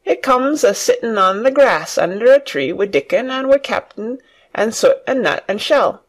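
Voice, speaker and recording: A reader voicing a young girl who proudly tries out a broad country dialect, speaking slowly and playfully. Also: mid-range voice, expressive. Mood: teasing.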